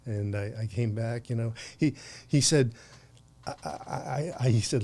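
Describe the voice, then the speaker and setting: Man in his sixties, podcast guest, chatty anecdotes, frequent laughs, self-corrections, middle pitch. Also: moderate pace, a little mellow. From United States. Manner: rambling storyteller, frequent laughs and restarts. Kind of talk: conversational anecdote.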